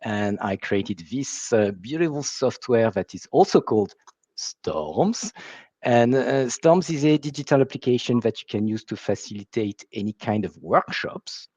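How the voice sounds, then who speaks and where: A man with a French accent, a guest facilitator chatting casually in an interview, halting and restarting his sentences. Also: medium pitch, animated, a little mellow, no echo. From France. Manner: halting, restarts phrases, laughs easily. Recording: dull lo-fi dry sound.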